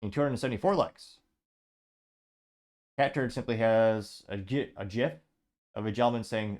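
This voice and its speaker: A man's voice: lowish voice, moderate pace, pauses often, darkish tone. A man hosting a political commentary show, reading social media replies aloud with sarcastic, wry asides. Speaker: podcast host.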